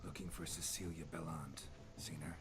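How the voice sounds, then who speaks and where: An actor playing a terse, gruff male monster hunter who speaks in clipped, flat phrases. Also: very deep voice, moderate pace. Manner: clipped, drops subjects, flat.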